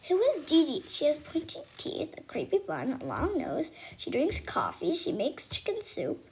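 A woman's voice: high voice, wildly swooping pitch, normal speed, a little hiss or hum, heavily acted, poor audio. A woman reading a storybook aloud, voicing an anxious, dramatic schoolgirl. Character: worried girl, dramatic and jumpy.

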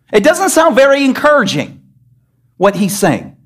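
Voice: medium pitch, huge pitch swings, moderate pace, slightly rough. A church pastor delivers a sermon in a voice that rises and falls widely. The delivery is emphatic, and he keeps throwing questions at the congregation to rally them. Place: church service.

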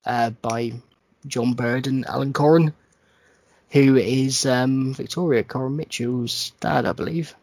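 Husky, sleepy podcast man. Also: medium pitch, measured pace, dry recording. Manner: sweary, animated, mimics people in silly voices. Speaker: podcast co-host. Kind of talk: casual chat.

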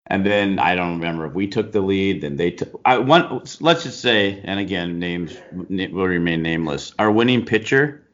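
A very deep-voiced man co-hosting a casual talk show who tells stories in an animated way, with plenty of restarts and laughter. The sound is a little dull and lo-fi. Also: moderate pace, hardly any pauses. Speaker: co-host, baseball coach. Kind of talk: casual chat.

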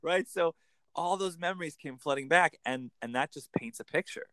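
A man's voice: a little high, pushed and bright, no room sound. Man, enthusiastic coach, dry close sound. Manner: enthusiastic, explains with quick acted examples. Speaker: accent coach. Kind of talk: conversational interview.

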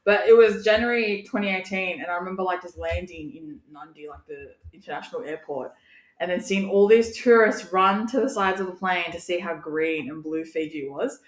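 A woman in her thirties from Australia, co-hosting a podcast in casual chat, telling lively stories, swearing and laughing often. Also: fairly low pitch, moderate pace. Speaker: podcast co-host. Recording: echoey room.

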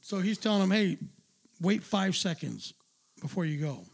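A man with a high voice and a rough, gravelly edge tells a long story in loose, casual talk. He is middle-aged. He rambles, swears freely and laughs at his own anecdote. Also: animated, normal speed, slight background noise. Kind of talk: casual chat, telling an anecdote.

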